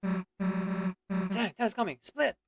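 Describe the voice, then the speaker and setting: A woman streamer reacting loudly and playfully while playing a game, out of breath. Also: medium pitch, drawn-out words, dry recording, studio quality. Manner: animated, exclamatory, playful. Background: music.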